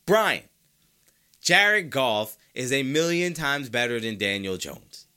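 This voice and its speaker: A man's voice: medium pitch, very animated, takes it slowly, sharp tone, clean tone. A sick, congested man hosting a sports podcast, arguing his opinions emphatically and repeating his points for effect. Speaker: podcast host.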